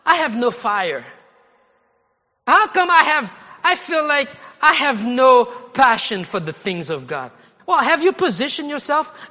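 High, bright-voiced male pastor preaching in an echoey hall. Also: highs cut off. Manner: conversational preaching, rising to shouted exhortation. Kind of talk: sermon. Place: church sanctuary.

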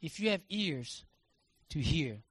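High, bright-voiced male preacher. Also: big pitch swings, slow, breathy edge, no room sound. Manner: conversational storytelling, rising to passionate shouting. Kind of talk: sermon.

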